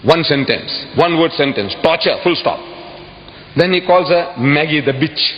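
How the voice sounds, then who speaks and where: A man giving an impassioned public speech to an audience, emphatic and repeating phrases, with sudden high exclamations. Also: measured pace. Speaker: public speaker addressing an audience. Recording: dull echoey hall recording with faint hiss.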